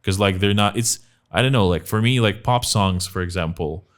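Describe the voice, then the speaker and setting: A young man with a Russian accent hosting a casual podcast chat, talking in halting bursts with many restarts. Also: fairly low pitch. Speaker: podcast host.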